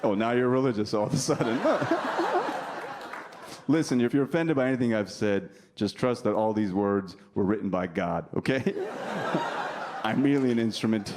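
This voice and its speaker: New jersey guy doing standup, kinda low voice, deadpan, ribbing the crowd, live club noise. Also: normal speed. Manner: deadpan, teasing the audience. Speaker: stand-up comedian. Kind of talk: stand-up routine with crowd work. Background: audience laughter.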